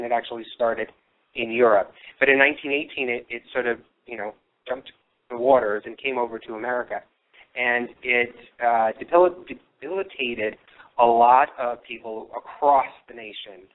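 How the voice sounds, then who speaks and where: On a live paranormal radio investigation, the male host is losing his voice, which sounds slightly worn at a normal middle pitch. He rambles through the history with plenty of fillers, and the sound arrives through a thin, tinny line like a phone's.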